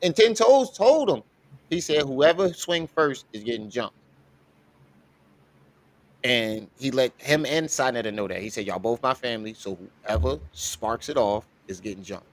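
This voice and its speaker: A man's voice: medium pitch, expressive, moderate pace. A man hosting a livestream, reacting to clips with casual commentary, laughing often and talking profanely. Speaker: livestream host.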